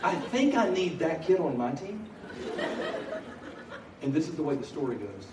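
Animated preacher in an echoey hall. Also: male voice, a little high, normal speed. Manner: animated storyteller, swings from loud laughing bursts to hushed earnest telling. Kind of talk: comedic preaching story. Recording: echoey hall from far off, noisy.

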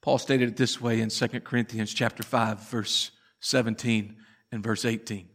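A man preaching a sermon in a church, telling folksy stories with dramatic pauses. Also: fairly low pitch, steady tone, a bit bright. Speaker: pastor.

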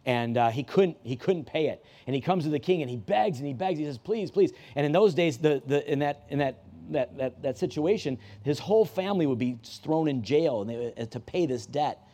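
Male pastor preaching a sermon, warm mellow tone, kinda high voice, chatty, restarts a lot and repeats stuff to drive it home. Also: lively intonation, a little fast, few pauses. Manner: conversational, with frequent restarts and emphatic repeats. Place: church service.

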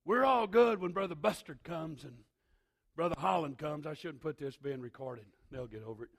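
Male pastor, raspy and gravelly, slightly high, emphatic sermon with shouts and hushes. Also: lively intonation, moderate pace.

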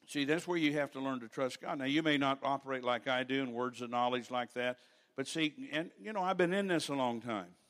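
An older man preaching a sermon in a church, telling stories with rambling asides and rising to loud preaching at times. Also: mid-range voice, fairly quick.

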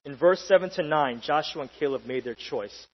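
A young pastor delivers a casual, lively sermon packed with slang and little asides, his voice a bit high, brisk and slightly rough. Long reverb rings through the church hall, and the dull recording carries a faint hum underneath.

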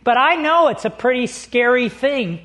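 A man's voice: very high voice, moderate pace. A man preaching as a pastor, telling a personal story with humor and acting out the people in it before reading scripture. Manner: lively storyteller, acts out quotes, laughs easily.

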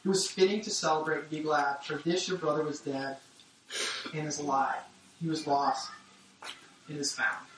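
A man's voice: on the high side, level tone, moderate pace, pauses often, fairly bright tone, a little hiss or hum. A man giving a casual, conversational sermon with many fillers and restarts, recorded from a distance in an echoey room. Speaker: preacher.

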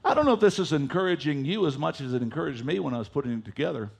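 A man's voice: a little high, animated, racing, vocal fry, a little mellow, breathy edge. A male preacher delivering a sermon. He reads scripture aloud and leads the congregation in reading it back with him.

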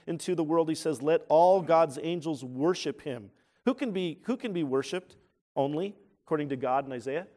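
A man preaching to his congregation in a church, his voice a touch higher than most men's. He leans hard on key words, swelling louder as he drives a point home, and often restarts his phrases mid-thought. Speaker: pastor. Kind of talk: sermon.

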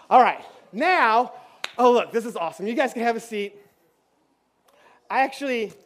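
A man leading a children's church session on stage, playful and chatty with lots of fillers. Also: high-pitched. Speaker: children's pastor. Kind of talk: lively children's church talk. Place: church stage with kids and adults.

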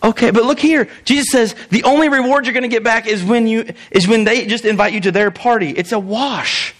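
Speaking briskly in a very high-pitched, somewhat bright voice, this pastor delivers a sermon conversationally. He reads from scripture and plays out its characters' voices, chuckling now and then.

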